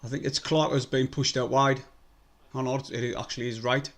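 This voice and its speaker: A young man, commenting live on a match for his stream. He swears a lot, mutters under his breath and breaks into excited bursts. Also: medium pitch, moderate pace. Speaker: fan livestream host.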